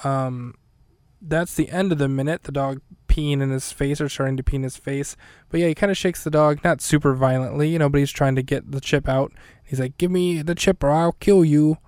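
A man talks through a show recap in a flat, even voice with little rise and fall, wandering and correcting himself as he goes. His tone is smooth and clear, and the sound is close and dry, with no room around it. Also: mid-range voice, brisk, dry recording. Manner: rambling, self-correcting, dry humor. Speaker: podcast host. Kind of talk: casual solo recap.

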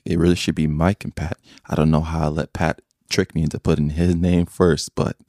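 Young male co-host, deep and dry, laid-back joking chat. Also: little pitch movement, brisk, dark tone, dry recording. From Nigeria. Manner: laughing, joking banter. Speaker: podcast co-host. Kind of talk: casual chat.

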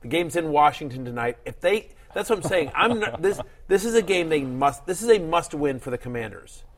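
A man's voice: on the high side, fairly quick. A man hosting a fantasy football show, chatting casually and rambling through long stories with frequent laughter. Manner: rambling, laughing, animated storyteller. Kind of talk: casual sports chat.

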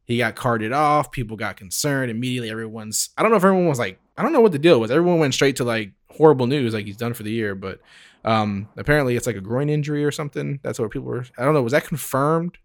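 A man hosting a casual sports podcast, laid-back and quick to laugh, with lots of "like" and "bro". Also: mid-range voice. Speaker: podcast host.

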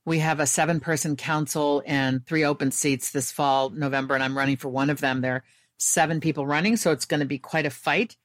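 A woman's voice: low voice, steady tone, no echo, clean studio sound. A woman guest and author telling candid personal stories in an earnest, reflective way. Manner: earnest, candid, quick bursts.

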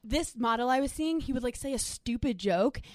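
A woman guest on a podcast, telling anecdotes in a lively, profane way. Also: fairly high pitch, a little fast, no room sound. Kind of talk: casual chat and anecdotes.

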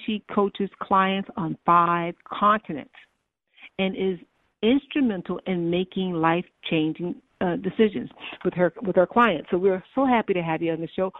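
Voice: mid-range voice, dry recording. Upbeat radio show host on the phone. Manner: enthusiastic and encouraging, with some restarts. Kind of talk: radio interview hosting. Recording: dry phone-line audio.

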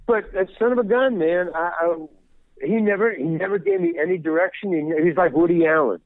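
A man's voice: high-pitched, very animated, fairly quick, no echo. An older man, a guest actor, chatting casually in an interview and rambling with many restarts. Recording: tinny phone line.

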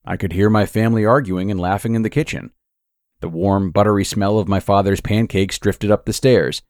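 A man narrating a scripted horror story in a measured, steady way. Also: lowish voice, no echo, studio quality.

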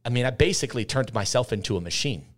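A man's voice: medium pitch, expressive, quick pace. A man in his thirties, a podcast guest telling candid stories in an intense, emphatic way, repeating phrases for weight. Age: 30s. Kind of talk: candid conversational storytelling.

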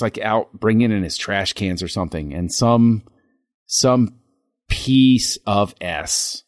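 A man co-hosting a podcast, talking through a film scene in a reflective, halting way with frequent restarts. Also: on the low side, dry recording, clean studio sound. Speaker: podcast co-host. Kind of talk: casual film discussion.

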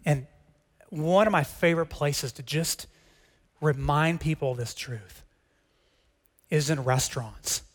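A middle-aged male pastor preaching in a church hall, his fairly high voice carrying a long reverb tail. He talks conversationally and earnestly, drifting from soft, intimate asides to emphatic, pressing questions. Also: measured pace, long pauses. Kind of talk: sermon.

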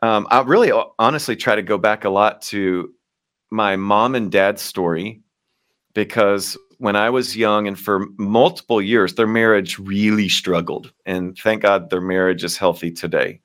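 Easygoing pastor, lowish voice. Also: male voice, fairly even intonation, a little slow, fairly bright tone. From Kentucky. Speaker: lead pastor and guest. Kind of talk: storytelling interview answers.

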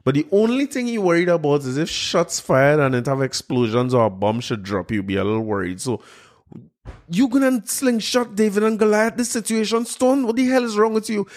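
A man's voice: a little high, normal speed. A man, mocking a news article he reads aloud, incredulous and laughing at it. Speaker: commentator reacting to a news article. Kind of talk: mocking commentary on a news story.

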